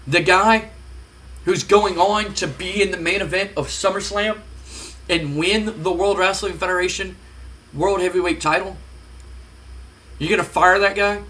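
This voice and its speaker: A cocky male pro wrestler , put on by a man, rants in a sharp, forceful voice pitched a touch high. He boasts and taunts with heat and defiance. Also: fairly even intonation, a little slow, pauses often. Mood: taunting.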